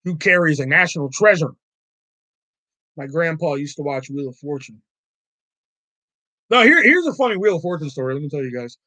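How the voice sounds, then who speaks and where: A man from Virginia hosts a casual livestream and tells rambling, profane stories. His voice sits high and swings up and down with animated energy, recorded dry and close. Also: brisk, pauses often, no room sound, low-quality recording. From Virginia, USA. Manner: reacting to live chat. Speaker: livestream host.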